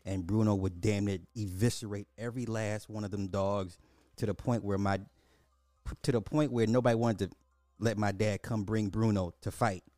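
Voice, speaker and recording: A man's voice: lowish voice, normal speed, no echo, clean studio sound. A middle-aged man hosting a podcast, telling stories in casual chat with frequent laughs and swearing. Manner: animated storytelling, laughs often, swears. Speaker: podcast host.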